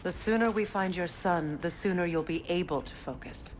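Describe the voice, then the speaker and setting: A woman's voice: lowish voice, normal speed, lightly acted. A woman voicing a wry, grounded goddess in a video game, with a dry manner. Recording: game audio with ambient noise.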